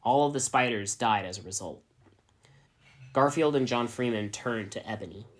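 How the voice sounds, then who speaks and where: Male narrator, deadpan straight reading of a fan story. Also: medium pitch, moderate pace. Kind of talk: dramatic reading of fan fiction.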